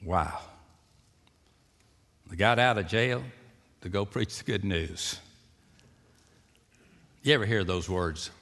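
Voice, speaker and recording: A man preaching a sermon, dropping to a hushed, slow voice and rising to loud, excited calls. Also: low-pitched. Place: church sanctuary. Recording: long reverb of a church hall.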